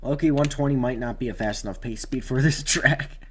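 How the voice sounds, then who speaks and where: A fairly quick, slightly bright man's voice at medium pitch. He's a gamer giving casual race commentary in a video game, rambling with fillers and blurting out at near-crashes.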